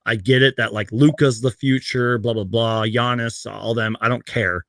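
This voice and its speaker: A man's voice: medium pitch, steady tone, normal speed, fairly bright tone, dry recording. A man hosting a casual live-stream chat about basketball, talking in a laid-back, chatty way and laughing often. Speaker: basketball show host.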